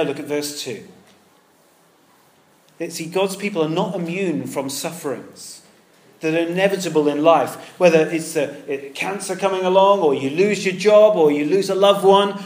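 A male preacher with a fairly high voice gives an earnest, conversational sermon. He swings from loud, emphatic phrases to hushed, tender ones. The sound carries a roomy echo, as in a church hall.

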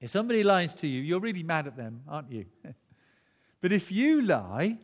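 A man preaching a sermon in a relaxed, conversational way, often restarting phrases and chuckling. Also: fairly high pitch, moderate pace, big-room sound.

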